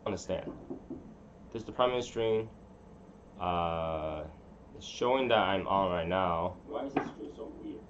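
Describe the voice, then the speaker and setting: Man, low voice, casual live-stream host, rambling, mutters to himself, dull lo-fi sound. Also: a little slow, long pauses, background noise. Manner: rambling, mutters to himself while fiddling with settings. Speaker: livestream host. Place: room at home.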